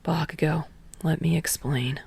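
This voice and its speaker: Brief: woman playing a soft-spoken, smug young guy, low and drawling, gravelly edge. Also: fairly quick, no echo, full character voice. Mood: calm. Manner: quiet, drawling, calm. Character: calm, smug young male pro hero, lazy drawl.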